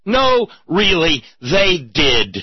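Brief: male commentator, sarcastic and mocking, slow deliberate delivery, lively swooping pitch. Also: slightly rough, dry recording, dull audio. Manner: sarcastic, mocking, theatrical emphasis. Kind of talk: sarcastic political commentary monologue.

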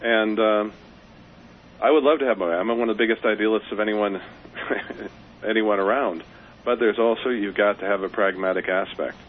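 A man's voice: on the low side, steady tone, normal speed, slight background noise. Man calling in over a tinny phone line. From Colorado. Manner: earnest and persuasive, with fillers. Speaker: caller. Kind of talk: phone-in talk. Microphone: telephone.

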